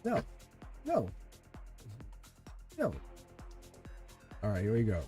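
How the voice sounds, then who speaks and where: A man's voice: medium pitch, wildly swooping pitch, slow pace, dark tone, faint music behind. A man giving a livestream tarot reading, rambling and playful, chuckling often and talking straight to his chat. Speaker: tarot reader.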